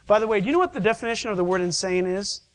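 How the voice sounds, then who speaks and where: A man's voice: high voice, expressive, rapid-fire, low-quality recording. A male pastor preaching a sermon in a church, pleading and emphatic, with rhetorical questions to the congregation.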